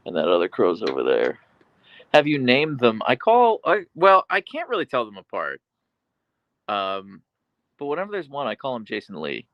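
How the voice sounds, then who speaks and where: Over a muffled recording with no echo, a man with a fairly low, creaky voice hosts a relaxed livestream, chatting as he reads and answers viewer comments about his dogs, which he owns.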